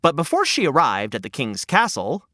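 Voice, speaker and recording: A man hosting a children's story podcast, narrating in a playful, animated way. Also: fairly high pitch, normal speed, dry recording, clean studio sound.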